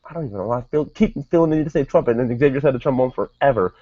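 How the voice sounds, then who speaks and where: A man's voice: mid-range voice, animated, rapid-fire, no echo. A man giving a casual, rambling spoken review, often wandering off topic and correcting himself. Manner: rambling, digressive, self-correcting. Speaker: wrestling show reviewer. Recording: dull lo-fi dry recording.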